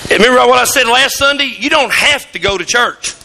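A middle-aged man, preaching a sermon in a church, telling folksy stories and rising to shouts. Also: extremely high pitch, brisk, creaky, noisy background. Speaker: pastor. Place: church sanctuary.

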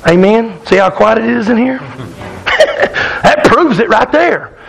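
A man's voice: very high voice, expressive, a little slow, gravelly, fairly bright tone, poor audio. A man preaching a sermon in a church, telling a folksy hunting story that keeps the congregation laughing. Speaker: pastor. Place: church sanctuary.

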